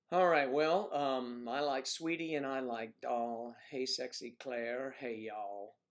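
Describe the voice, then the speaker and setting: Chatty older Southern man, throat clearing. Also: medium pitch. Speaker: livestream host. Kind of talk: casual livestream chat reading viewer comments.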